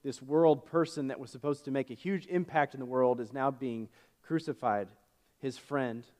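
Guy pastor preaching in church, chatty storytelling, lots of uh and restarts. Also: mid-range voice. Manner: conversational storytelling with fillers and self-corrections. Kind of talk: sermon.

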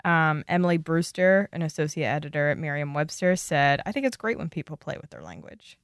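A relaxed young woman chats casually as a co-host, reading from her notes with little fillers. Her voice sits a bit low. The sound is dry and close, with no room around it. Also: a little fast, smooth, no echo. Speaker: podcast co-host. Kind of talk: casual chat, reading out an article.

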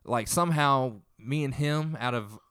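A man's voice: mid-range voice, a little slow, fairly bright tone, smooth, no echo, clean studio sound. A young man casually retelling a tense story in a profane, rambling way.

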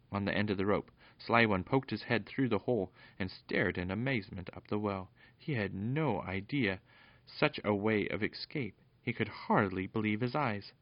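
A man reading a bedtime story aloud to his children, gentle and lively. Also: fairly low pitch, no room sound, dull audio.

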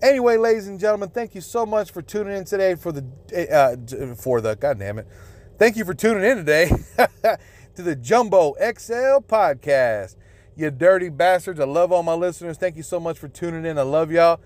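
A man's voice: a little high, expressive, moderate pace, darkish tone. A young man hosting his own podcast, ranting crudely and indignantly with constant swearing. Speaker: podcast host. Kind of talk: profane solo podcast rant.

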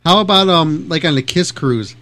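A male radio host in a comedic interview, slightly high-voiced and deadpan as he plays the straight man. He asks probing questions. Noise sits clearly under the line. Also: moderate pace.

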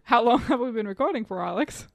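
A woman's voice: fairly high pitch, lively intonation, quick pace, gravelly, darkish tone. A woman co-hosting a casual chat, giggly, unsure and mocking herself. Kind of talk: casual chat guessing game.

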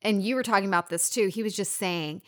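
A woman co-hosting a casual film discussion podcast, animated and swearing freely as she retells scenes. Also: mid-range voice, quick pace. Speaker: podcast co-host.

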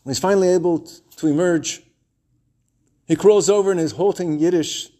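Give me a man in his twenties with a fairly high voice telling a story with wry humor and big pauses. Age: 20s. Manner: animated, wry, dramatic pauses. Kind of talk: told story to an audience.

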